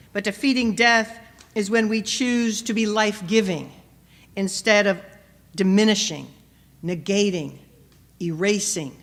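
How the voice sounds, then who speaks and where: A woman preacher delivering a sermon, measured and questioning, rising to emphatic peaks and dropping soft. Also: fairly high pitch. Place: church. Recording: long church reverb.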